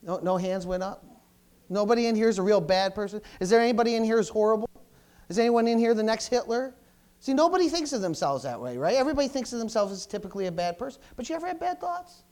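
High-voiced guy pastor preaching in church, chatty and animated, lots of praise the lord. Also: fast talker. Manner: animated, frequent praise interjections, conversational. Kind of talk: sermon. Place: church before a congregation.

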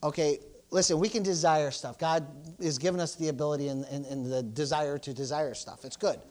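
A man preaching a sermon at a church service, repeating "praise the Lord" and "amen" and moving between loud exclamations and quiet asides. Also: fairly high pitch, fairly even intonation, fairly quick.

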